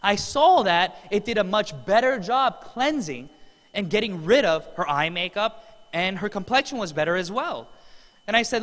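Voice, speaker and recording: A man's voice: high voice, lively intonation, moderate pace, fairly bright tone. A man giving an earnest, emotional motivational testimonial as a seminar speaker in a large event hall. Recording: long hall reverb.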